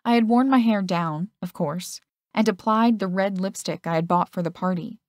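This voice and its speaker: A woman narrating a first-person romance audiobook in a steady storytelling manner. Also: medium pitch, normal speed, dry recording, clean studio sound.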